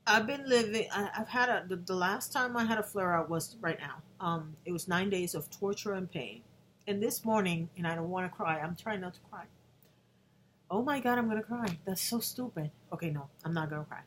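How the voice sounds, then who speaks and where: A woman's voice: on the low side, fairly quick, fairly bright tone, slight background noise. A woman in her fifties talking earnestly to the camera in a personal vlog, with frequent restarts and emotional moments. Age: 50s. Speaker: vlogger.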